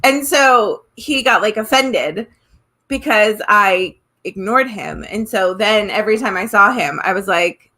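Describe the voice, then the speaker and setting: A woman co-hosting a podcast who tells stories in an animated, sarcastic way and giggles often. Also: medium pitch, measured pace. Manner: animated storyteller, self-described sarcastic, giggly. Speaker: podcast co-host. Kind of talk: casual podcast chat.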